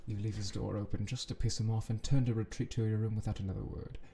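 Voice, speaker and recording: A man reading a fan fiction story aloud who breaks into excitable yelling and groaning reactions. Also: lowish voice, fast, gravelly, a little hiss or hum. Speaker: story reader.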